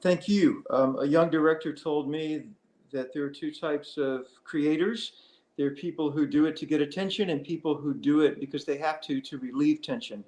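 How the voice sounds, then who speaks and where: A middle-aged man, an actor, chatting as an interview guest in a lively, playful way. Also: fairly high pitch, moderate pace, echoey room. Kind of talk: casual interview chat.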